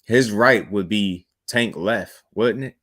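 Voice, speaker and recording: A man co-hosting a casual boxing chat, measured and analytical, often backing his partner with "mm-hmm". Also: fairly low pitch, over a noisy crowd. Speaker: podcast co-host.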